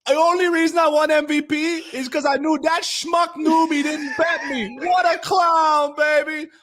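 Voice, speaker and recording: Brief: a man putting on a boastful, fed-up basketball star, high and yelling. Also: little pitch movement, normal speed. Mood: mocking rant. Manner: shouting, mocking. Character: ranting male basketball star, cocky and fed up.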